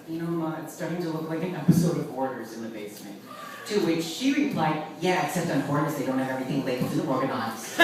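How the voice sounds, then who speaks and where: A man from Long Island telling a comic story on stage, wry and animated with self-mocking asides. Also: fairly high pitch. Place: live performance venue with audience. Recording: echoey room, far from the mic, audience laughter.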